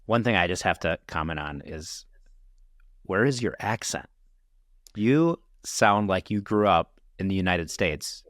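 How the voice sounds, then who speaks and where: A man's voice: deep voice, expressive, a little slow, a bit bright, no room sound, studio quality. A man with a Midwestern accent hosting an interview, asking casual, curious questions. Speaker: interview host. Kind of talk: interview conversation.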